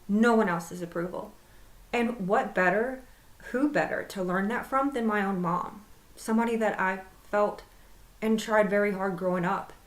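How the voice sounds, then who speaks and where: A woman who practises Reiki, talking candidly to camera and stretching out the words she wants to stress. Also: on the high side. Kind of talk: personal talk to camera. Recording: roomy echo.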